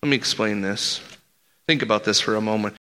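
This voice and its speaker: A male pastor preaching and telling stories, animated, rising in pitch for emphasis and repeating words as he builds a point. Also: a little fast. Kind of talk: sermon with storytelling.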